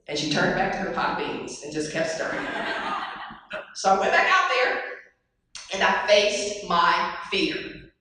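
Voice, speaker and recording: Woman keynote speaker, lively storyteller, asks the crowd questions, echoey hall, distant mic. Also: on the low side, unhurried, pauses often. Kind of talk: motivational talk to a live audience. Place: large hall.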